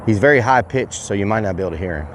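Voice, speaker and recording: A man's voice: fairly low pitch, racing, a little hiss or hum. Chatty man livestreaming outdoors. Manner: chatty, excitable, addresses viewers as y'all. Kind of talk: casual outdoor livestream chat. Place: outdoors at a rural property.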